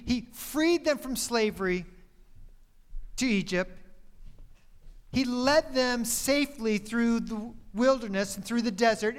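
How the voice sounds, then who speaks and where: Very high yet clear and resonant, a male pastor's voice carries his sermon. He alternates louder, emphatic lines with quiet, dropped phrases and sometimes corrects himself mid-sentence.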